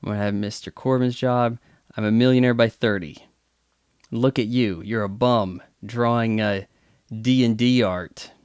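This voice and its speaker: A man's voice: mid-range voice, fairly even intonation, measured pace, a little mellow, clean tone, no room sound, clean studio sound, close to an everyday voice. A man voicing a boastful, cocky young male banker in an over-the-top mock delivery. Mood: smug.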